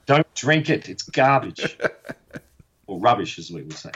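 A man's voice: fairly low pitch, very animated, measured pace, fairly bright tone, breathy edge, lo-fi sound. An Australian man from Perth, chatting as an interview guest in a rambling, self-deprecating way. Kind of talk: casual interview chat.

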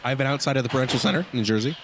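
A man's voice: medium pitch, very fast, noisy background. A man co-hosting a casual podcast, reading listener email and giving blunt, joking opinions. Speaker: podcast co-host.

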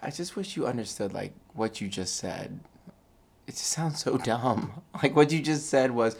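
A man's voice: medium pitch, lively intonation, moderate pace, creaky, a little mellow, breathy edge. A man co-hosting a podcast in casual chat, with a dry, teasing manner. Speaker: podcast co-host.

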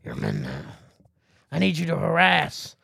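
Comic bit: a podcast host doing an older male film mogul, hushed, drawling, sighing. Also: mid-range voice, huge pitch swings, measured pace, creaky, slightly rough, no echo, clean studio sound, voice pushed down, exaggerated voice. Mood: coaxing. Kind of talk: comic impression in podcast chat.

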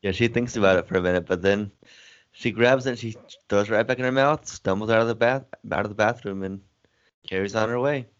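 A man's voice: on the low side, fast, dull audio. A man co-hosting a casual movie recap chat, easygoing, adding scene details. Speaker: podcast co-host.

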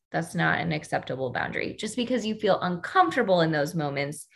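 A woman's voice: deep voice, expressive, fairly quick, creaky, few pauses, fairly bright tone. A woman co-hosting a workplace talk, speaking emphatically and pushing her voice up to stress key points. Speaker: podcast co-host. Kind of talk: casual conversational discussion.

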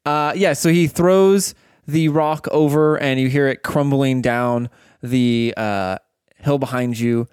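Game master, man, smooth clear voice, dry close sound, relaxed. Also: mid-range voice, takes it slowly, dry recording. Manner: casual, laughing easily, hesitant fillers. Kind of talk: narrating a tabletop game.

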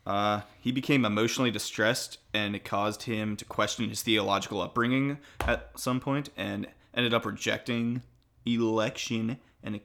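A man co-hosting a podcast, relaying notes with dry, deadpan quips in casual chat. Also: lowish voice, moderate pace, creaky. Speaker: podcast co-host.

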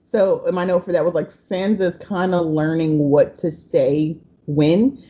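A woman's voice: lowish voice, fairly even intonation, unhurried, warm tone. Chatty woman podcast host, dull audio. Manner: chatty, recaps scenes with quoted lines, laughs easily. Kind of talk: casual recap chat.

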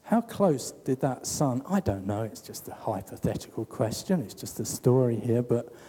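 A man's voice: medium pitch, sing-song, normal speed, dark tone, in a large hall, slight background noise. A man preaching a sermon in a conversational way, full of rhetorical questions.

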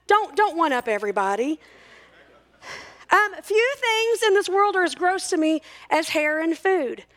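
A woman in her forties with a very high, somewhat bright voice speaks in an animated, unhurried way to a church crowd. Her humorous talk at the church service is chatty, self-mocking and full of jokes.

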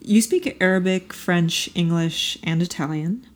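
A woman interviewer asking questions in a measured, deliberate way. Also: on the low side.

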